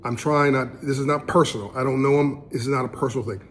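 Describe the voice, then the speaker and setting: A man's voice: mid-range voice, steady tone, fast talker, soft background music. Earnest man lecturing on money. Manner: earnest, building to emphatic outbursts. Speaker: financial literacy speaker. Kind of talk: commentary on a played clip.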